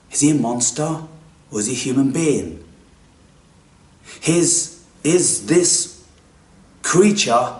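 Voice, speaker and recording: A man delivers a spiritual monologue in an unhurried, theatrical way, swinging from hushed whispers to loud outbursts and swearing bluntly. His voice is picked up from a distance and rings around an echoey room. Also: fairly high pitch, sing-song. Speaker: spiritual speaker. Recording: echoey room, mic far off.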